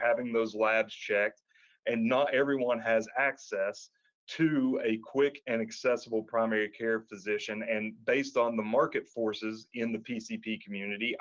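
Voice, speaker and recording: A male podcast co-host explaining an industry issue in a measured, analytical way. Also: medium pitch. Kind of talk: analytical discussion. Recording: dull lo-fi audio.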